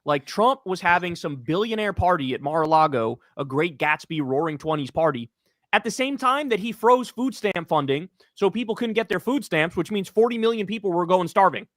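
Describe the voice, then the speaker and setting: A man's voice: sits high, animated, fairly quick, a bit bright, dry recording, clean studio sound. A man, a political commentator, ranting in a heated, profane, casual podcast chat.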